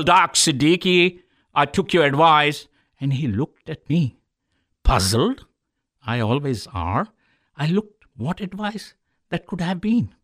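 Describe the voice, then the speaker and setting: A man's voice: fairly high pitch, no echo, studio quality. A man who is a doctor hosting a local radio health show, telling corny medical jokes and calling his listeners folks. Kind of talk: joke-filled radio talk.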